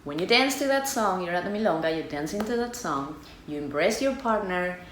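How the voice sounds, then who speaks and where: Expressive Argentine woman in an echoey room. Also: on the low side, fairly quick, a little hiss or hum. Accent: Argentine Spanish (porteño). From Argentina, Buenos Aires. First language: Spanish. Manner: expressive, chatty, acts out little scenes in shifting voices. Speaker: tango teacher. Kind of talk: casual explanatory vlog. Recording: echoey room with faint ambience.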